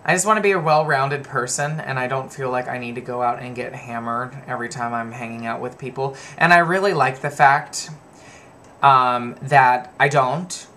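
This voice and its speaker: A man's voice: mid-range voice, pushed and bright, slight background noise. A man in his twenties talking casually to camera in a vlog, rambling and digressing as he tells a personal story. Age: 20s. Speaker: vlogger.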